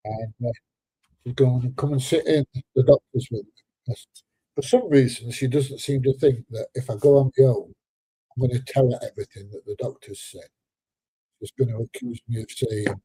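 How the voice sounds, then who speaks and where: Husky, dark-voiced man of seventy. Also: medium pitch, fairly even intonation, normal speed, dry recording. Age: 70s. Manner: chatty and joking, laughs often, drops into slang. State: a bit congested. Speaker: live streamer. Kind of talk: casual live-stream chat reading viewer comments.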